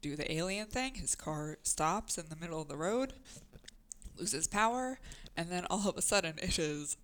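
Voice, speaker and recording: A woman's voice: fairly low pitch, lively intonation, normal speed, fairly bright tone. A woman co-hosting a podcast in casual chat, wry and joking, often laughing. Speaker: podcast co-host.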